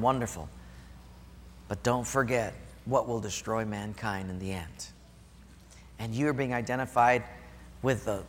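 A man, a pastor, preaching a sermon with animated storytelling and acted-out dialogue. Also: medium pitch. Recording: long hall reverb.

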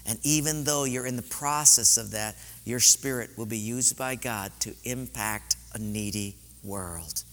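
A man's voice: mid-range voice, measured pace, hardly any pauses, fairly bright tone, a little hiss or hum. A man preaching a sermon in a church sanctuary, telling stories in an earnest, heartfelt way. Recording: long hall reverb.

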